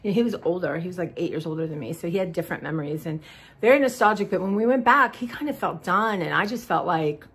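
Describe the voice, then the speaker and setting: A woman in her fifties chatting casually to her viewers, rambling and warm with drawn-out "y'all"s and sighs. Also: on the low side, husky. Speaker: vlogger. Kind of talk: casual haul chat.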